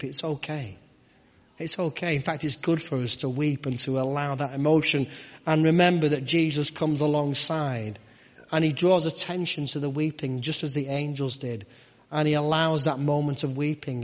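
A man's voice: on the high side, long reverb tail. A man preaching a sermon and leading prayer, with rhythmic repeated phrases and rhetorical questions. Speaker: pastor. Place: church.

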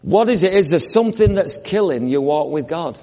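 A man preaching a conversational, animated sermon that acts out the people in the story. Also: a little high, normal speed, long reverb tail.

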